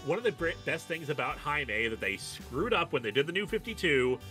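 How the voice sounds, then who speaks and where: A man's voice: a little high, very animated, fairly quick, pushed and bright, faint music behind. A man guesting on a casual chat, cutting in and restarting his sentences. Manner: talks over others, stumbles and restarts. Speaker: guest commentator.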